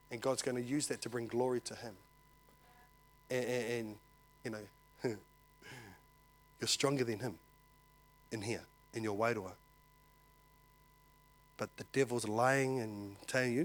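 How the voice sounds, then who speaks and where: A man, a lay preacher giving prophetic words and an animated personal testimony. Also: medium pitch, normal speed, long pauses. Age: 40s. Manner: animated storyteller, swings from soft personal words to loud exclaiming.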